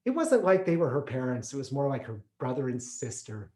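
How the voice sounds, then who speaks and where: A man performing a solo theatrical monologue, animated and playful, acting out the people in his story. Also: medium pitch, brisk, echoey room. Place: theater stage.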